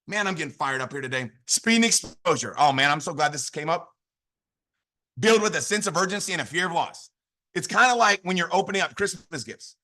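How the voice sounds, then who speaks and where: A man speaks with a high, bright voice in a pumped-up motivational training talk. He repeats his points and throws questions at his listeners before he answers them himself. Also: expressive, fairly quick. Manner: fired-up, repetitive, call-and-response. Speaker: network marketing leader.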